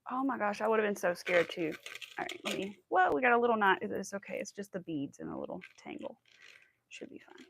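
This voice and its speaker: A woman's voice: mid-range voice, big pitch swings, fast, creaky, fairly bright tone, a little hiss or hum, poor audio. A woman hosting a crochet livestream, chatting casually and rambling while she works. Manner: chatty, bubbly, rambling with many likes and ums.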